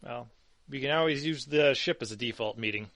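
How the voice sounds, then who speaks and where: A man's voice: mid-range voice, a little fast, a little hiss or hum. Man running a tabletop game. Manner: relaxed, rambling with many ums. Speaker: game master.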